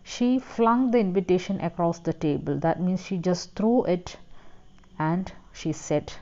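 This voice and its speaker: A woman's voice: fairly low pitch, lively intonation, a little slow, mellow. A woman teacher who reads a story aloud to her class, explains the words and puts questions to the children. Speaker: school teacher. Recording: dull lo-fi recording.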